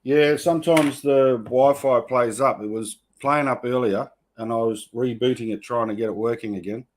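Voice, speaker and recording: A man's voice: medium pitch, normal speed. Easygoing Australian man hosting a livestream. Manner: relaxed, matey greetings to viewers. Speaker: host. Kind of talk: casual livestream chat.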